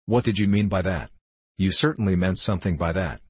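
Brief: man voicing an anxious, genteel old gentleman in an audiobook; low, husky tone. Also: fairly quick, no room sound. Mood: alarmed. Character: nervous, genteel older gentleman, easily alarmed.

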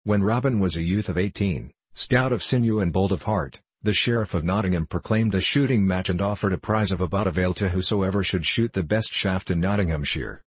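A man narrating an old-fashioned storybook tale in a steady storytelling voice. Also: low-pitched, a little fast, hardly any pauses, slightly rough, no room sound.

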